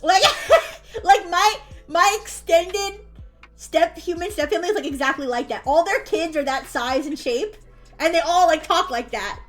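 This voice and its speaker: A woman's voice: extremely high pitch, unhurried, soft background music. A woman streamer chatting casually while she draws, rambling and laughing often, with many restarts.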